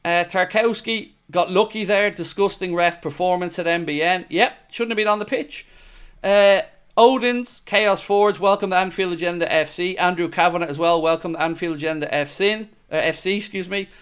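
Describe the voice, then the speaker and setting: A man's voice: sits high, normal speed, a bit bright, smooth. A young man hosting a live football fan show, reacting to the match and reading viewer comments in blunt, matey banter.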